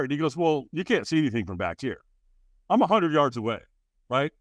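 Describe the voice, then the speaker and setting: A man telling a personal story as a podcast guest, acting out the other people's lines with big leaps in pitch. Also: big pitch swings, fairly quick, no room sound. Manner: acts out dialogue with big jumps in pitch. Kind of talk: animated storytelling.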